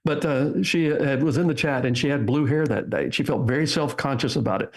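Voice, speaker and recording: Older guy guest on a podcast, lively storyteller, average pitch. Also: brisk. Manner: animated storyteller, acts out quotes. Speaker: guest author. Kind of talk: interview storytelling.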